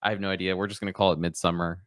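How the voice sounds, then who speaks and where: A man co-hosting a casual film podcast, talking in quick, laid-back bursts with frequent restarts. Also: sits low, level tone, a bit bright, dry recording, studio quality. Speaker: podcast co-host. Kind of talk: casual film review chat.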